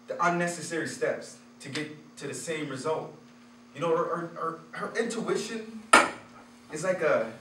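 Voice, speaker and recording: A man's voice: fairly high pitch, fairly bright tone. A man giving a motivational talk, telling candid personal stories and chuckling at his own stories. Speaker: motivational speaker. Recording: roomy echo, distant from the mic, faint noise.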